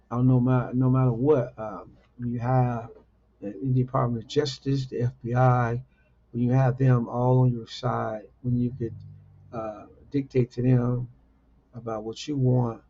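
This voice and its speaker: A man giving informal political commentary, repeating rhetorical questions with many fillers, in a husky, gravelly voice. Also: mid-range voice, dark tone, lo-fi sound. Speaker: host.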